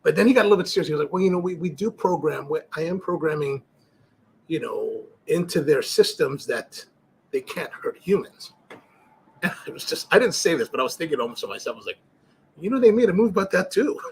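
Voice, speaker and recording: A man's voice: a little high, fairly quick, creaky, slight background noise. A middle-aged man hosting a cigar live stream, chatting casually, reading viewer comments and rambling through stories with many restarts. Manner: rambling, storytelling, frequent restarts and fillers. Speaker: cigar livestream host.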